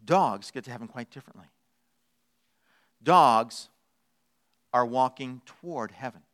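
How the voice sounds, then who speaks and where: A man's voice: mid-range voice, a little slow, a bit bright. A man pastor preaching a sermon in a church, telling a playful story with shifting pace. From United States.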